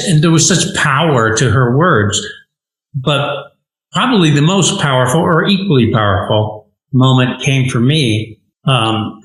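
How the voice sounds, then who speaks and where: An older American animator, a guest in an interview, telling stories from his childhood in an earnest, emphatic way. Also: on the low side. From United States. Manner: earnest, warm storytelling with emphatic rising phrases. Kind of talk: reflective storytelling in conversation. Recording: roomy echo.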